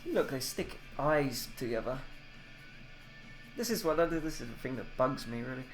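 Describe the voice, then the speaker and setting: A man's voice: mid-range voice, expressive, moderate pace, faint music behind. A man reading pronunciation notes aloud and adding grumbling, casual asides about the spelling. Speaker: self-taught language learner. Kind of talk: reading aloud from a book with personal comments.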